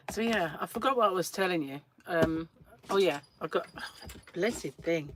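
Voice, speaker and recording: Speaking at a moderate pace, this English woman has a fairly low, animated voice with a fairly bright tone, and there's slight background noise. She's running a crochet livestream from a small home room, laughing often as she rambles and chats casually with viewers.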